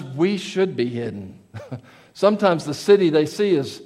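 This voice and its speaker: A man preaching from the pulpit with a high voice. He is earnest and plain-spoken, rising to loud emphasis and then dropping to soft, confiding asides. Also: big pitch swings, measured pace. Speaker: pastor. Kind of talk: sermon.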